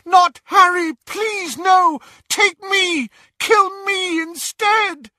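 A man's voice: very high voice, steady tone, extremely slow, bright, forceful tone, no echo, raised voice, studio quality, voice pushed up, exaggerated voice. A man voicing a desperate young mother who screams and begs for her child. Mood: frantic pleading. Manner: frantic screaming pleas.

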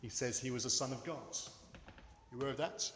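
A man preaching a sermon in a church, earnest and emphatic, with dramatic pauses. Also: medium pitch, fairly bright tone. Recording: echoey hall with long reverb.

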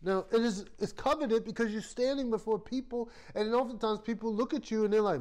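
A man preaching a sermon as a Bible study teacher, telling stories with lively acted-out quotes. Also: sits high, fairly quick. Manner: animated storytelling, acts out quoted voices. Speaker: pastor.

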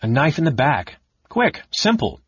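A fierce warrior woman with a sharp, snarling edge, as a male reader puts her on in a raised voice. The sound is dull and dry, like a lo-fi audiobook. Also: medium pitch, huge pitch swings, measured pace, slightly rough, no room sound, voice pushed up, full character voice. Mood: scornful. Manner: snarling, scornful.

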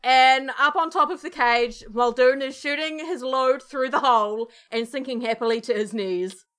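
A woman's voice: high-pitched, moderate pace, a bit bright, clear, resonant tone. A woman co-hosting a podcast, reading fanfiction aloud with dramatic delivery and chatting casually. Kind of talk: casual chat.

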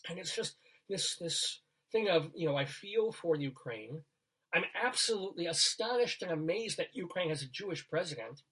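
A man's voice: a little high, expressive, normal speed, bright, forceful tone, husky. A man hosting a talk show in casual chat, rambling from topic to topic and laughing at his own jokes. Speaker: radio show host.

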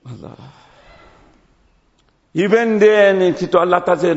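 A man giving a sermon as an imam, telling stories and dropping to low quiet tones at phrase ends. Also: big pitch swings, moderate pace, long pauses, big-room sound, dull audio.

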